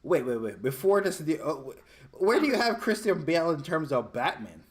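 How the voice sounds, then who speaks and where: A man's voice: a little high, big pitch swings, normal speed. A young man in a casual argument, talking bluntly with plenty of swearing. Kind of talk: casual chat.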